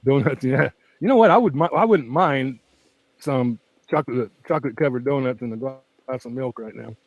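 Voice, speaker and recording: A man's voice: medium pitch, normal speed, no echo, dull audio. A man hosting a true-crime channel, chatting in a casual, rambling way at home with his pets, laughing often, speaking very close to the mic, and with a weak voice that tires easily. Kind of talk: casual rambling livestream chat. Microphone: very close to the microphone.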